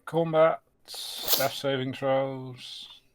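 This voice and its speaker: A man's voice: mid-range voice, fairly even intonation, drawn-out words, background noise. A man playing a tabletop game, speaking in terse, murmured remarks. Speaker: player.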